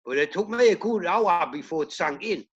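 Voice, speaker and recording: A man's voice: sits high, animated, moderate pace, highs cut off. A man, a punk band singer, telling blunt, profanity-laced stories in a casual interview. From United Kingdom. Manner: blunt, swears heavily, tells stories acting out quotes.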